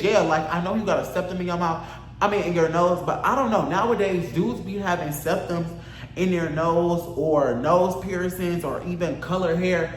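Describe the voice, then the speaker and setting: A young man telling a storytime story in a casual, animated, profane and campy way, acting out the other people. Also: sits high, echoey room. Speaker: storyteller vlogger.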